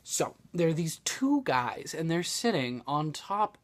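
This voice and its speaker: Young male vlogger, deadpan and self-mocking, drawls his jokes slowly into a phone. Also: fairly high pitch. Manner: slow, deadpan delivery with self-deprecating asides. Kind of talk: casual joke-telling to a phone camera.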